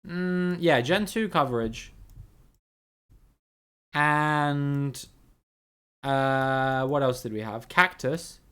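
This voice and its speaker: A man's voice: mid-range voice, extremely slow, long pauses, a bit bright, clean tone. A man hosting a casual live stream of a geography guessing game. He chats with viewers, reads their names out, laughs easily and swears now and then.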